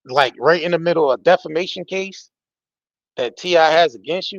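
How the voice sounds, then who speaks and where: A man's voice: a little high, lively intonation, moderate pace, gravelly, dry recording. A man hosting a live stream, giving casual commentary in loose, slangy, emphatic talk and swearing freely. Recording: dull, dry lo-fi audio.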